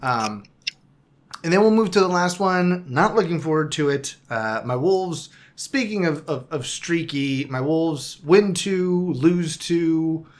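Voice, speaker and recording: A man's voice: a little high, expressive, takes it slowly. Wry, chatty male podcast host. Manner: chatty, wry, self-deprecating fan. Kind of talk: casual sports chat.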